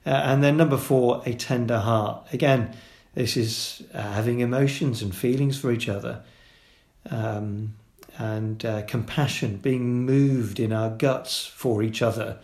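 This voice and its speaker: A pastor delivers a sermon in an earnest, steady voice of middle pitch. He pauses often with fillers and restarts while listing his points. The sound carries the reverberation of a roomy hall.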